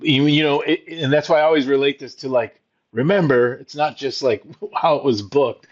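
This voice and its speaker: A man's voice: medium pitch, normal speed. Laid-back man on a dull lo-fi line. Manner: laid-back, swears, laughs easily. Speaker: former wrestling writer, co-host. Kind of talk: casual chat. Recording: dull lo-fi sound.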